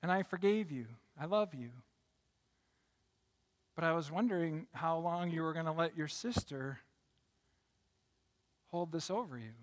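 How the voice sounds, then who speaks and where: A man voicing a kindly older grandmother in a story, speaking quietly and gently. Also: fairly high pitch, a little slow, pauses often, lightly acted. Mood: gentle. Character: kindly old grandmother, calm and knowing. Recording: long hall reverb.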